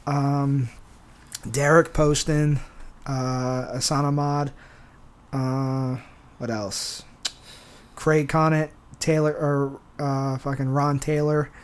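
A man's voice: mid-range voice, level tone, takes it slowly, long pauses, clean tone. A man from San Diego, a stand-up comedian, chatting as a podcast guest in a loose, rambling way full of fillers and restarts. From San Diego, USA. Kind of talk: casual podcast chat.

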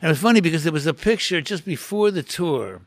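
A man's voice: on the high side, animated, fast, dry recording. A man, a photographer, telling a long anecdote in casual conversation, full of restarts and asides. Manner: rambling storyteller with frequent restarts and asides. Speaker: guest photographer.

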